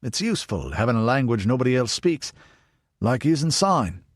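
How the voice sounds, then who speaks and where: A man voicing a big, burly, older ranger, gruff and teasing. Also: mid-range voice, big pitch swings, normal speed, no room sound, clean studio sound, pitched above the performer's own voice.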